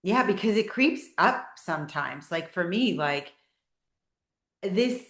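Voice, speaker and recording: A woman chatting casually on a faith podcast, telling stories in an animated way with lots of fillers. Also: lowish voice, slow. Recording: roomy echo.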